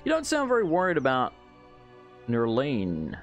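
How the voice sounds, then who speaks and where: An Englishman with an English accent chats loosely over gameplay, joking and swearing as he goes. His voice swings up and down in pitch, and faint game music sits underneath him. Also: wildly swooping pitch, measured pace, long pauses, fairly bright tone. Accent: English, self-described as unusual. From England. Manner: rambling, joking, sweary banter. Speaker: gameplay commentator. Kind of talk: casual let's play commentary.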